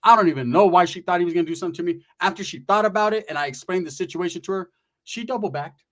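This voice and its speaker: A man's voice: high-pitched, very fast, fairly bright tone. A middle-aged man casually telling a profane, streetwise story from his past, often tagging his lines with "right?".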